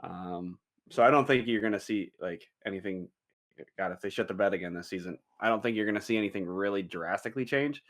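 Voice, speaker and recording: A man's voice: fairly low pitch, fast talker. A man co-hosting a casual sports podcast, rambling through his points and swearing casually. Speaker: podcast co-host.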